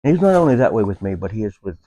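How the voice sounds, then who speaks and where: A man speaking as a veteran guest in a casual conversation about his service dog, pausing often with fillers as he talks. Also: fairly low pitch, very animated, dark tone. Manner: halting, unhurried, with many filler pauses.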